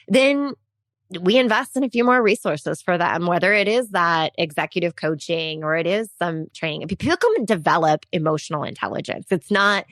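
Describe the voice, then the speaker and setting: A woman CEO speaking as a podcast guest, animated, laughing easily and acting out quoted voices. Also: mid-range voice, a little fast, no echo. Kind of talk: conversational interview.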